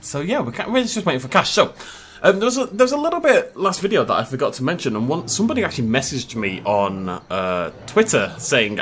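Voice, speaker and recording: A man's voice: medium pitch, big pitch swings, fast, few pauses, a bit bright, breathy edge. A man giving casual gameplay commentary as a YouTuber, chatty and joking, laughing often. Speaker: gaming YouTuber.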